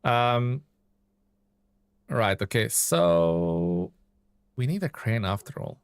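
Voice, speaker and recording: A man's voice: on the low side, lively intonation, takes it slowly, clear, resonant tone, dry recording, clean studio sound. A man streaming a truck-driving game live, giving laid-back, chatty commentary and reading viewer chat aloud.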